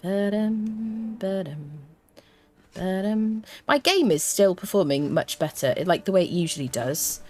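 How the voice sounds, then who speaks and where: A woman with a low voice and big pitch swings talks briskly, hardly pausing, while streaming a video game. She chats casually to her viewers as she plays and hums little tunes to herself.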